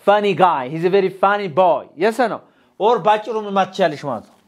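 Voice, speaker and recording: A man's voice: high-pitched, lively intonation, very fast. A man with an Ethiopian accent teaching English vocabulary in a studio, quizzing his student and repeating words. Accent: Ethiopian, Amharic-accented English. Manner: quizzing and prompting, repeating words, asking "yes or no?". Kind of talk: bilingual English lesson, drilling vocabulary.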